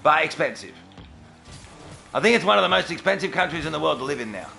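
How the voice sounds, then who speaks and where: Gravelly, bright-voiced Australian man. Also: fairly high pitch, very animated, quick pace, soft background music. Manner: chatty, answering viewers by name. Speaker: streamer. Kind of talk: casual livestream chat.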